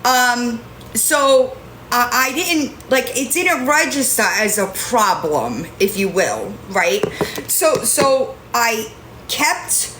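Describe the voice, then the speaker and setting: A young woman chatting casually on a live stream, rambling and often breaking off to coo at her cat in a high baby voice. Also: sing-song, slow pace, a bit bright, slight background noise. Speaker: livestreamer. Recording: echoey home room.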